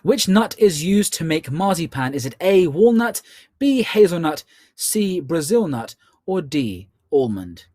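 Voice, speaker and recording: A man hosting a live online charity quiz, reading questions slowly and slipping in joking asides. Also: a little high, sing-song, a little mellow, no room sound, studio quality. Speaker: quiz host. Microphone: earbud headset.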